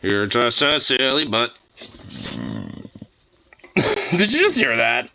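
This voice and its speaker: A man fussing over his pet in sing-song baby talk, his voice jumping high as he coos and teases. The delivery is animated and playful, swooping all over the place. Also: takes it slowly, a little hiss or hum. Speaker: pet owner vlogger.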